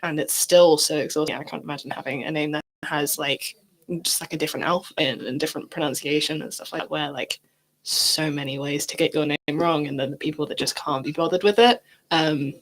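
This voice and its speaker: A woman's voice: sits low, steady tone, brisk. A woman from Britain hosting a podcast, chatting casually and often saying 'like' as she talks. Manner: chatty, lots of fillers like 'like'. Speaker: podcast host. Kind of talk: casual chat.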